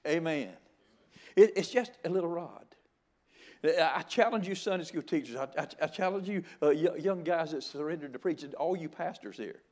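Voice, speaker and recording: An older man preaching with a slightly high voice. He keeps a folksy, joking tone throughout the sermon. He often trips over his words and starts his phrases again. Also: normal speed, a little mellow. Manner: folksy and joking, with frequent stammered restarts. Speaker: guest preacher.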